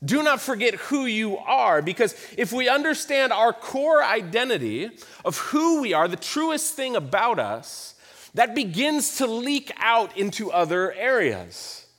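A man's voice: very high-pitched, big pitch swings, measured pace, a bit bright. A man in his thirties preaching a sermon, telling a personal story in a conversational way with emphatic repetition. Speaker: pastor.

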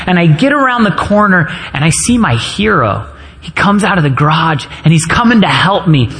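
A man's voice: a little high, fairly bright tone, a little hiss or hum. Earnest man preaching a sermon. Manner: earnest storytelling, personal anecdotes.

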